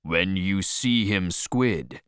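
A man voicing a male harpooner who speaks slowly in broken English. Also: sits low, expressive, a bit bright, smooth, no room sound, studio quality, exaggerated voice. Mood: solemn. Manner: slow, deliberate, broken speech.

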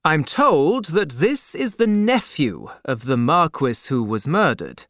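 A man voicing a pompous gentleman who speaks with haughty emphasis. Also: a little high, very animated, slow pace, no room sound, studio quality, full character voice. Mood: disdainful.

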